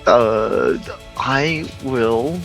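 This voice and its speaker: A man's voice: medium pitch, drawn-out words, fairly bright tone. Man, tabletop player, easygoing, mid-range voice, faint music behind. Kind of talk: casual tabletop game chat.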